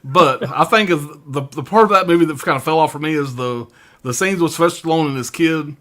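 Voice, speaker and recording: A man's voice: on the high side, brisk, pushed and bright. Blunt joking man in his fifties. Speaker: podcast co-host. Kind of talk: casual livestream chat.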